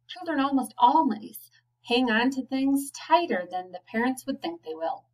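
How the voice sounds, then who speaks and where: A woman, a teacher, reading a children's novel aloud, giving the children's lines a lively lift. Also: sits high, moderate pace, far from the mic, low-quality recording. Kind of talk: storybook read-aloud.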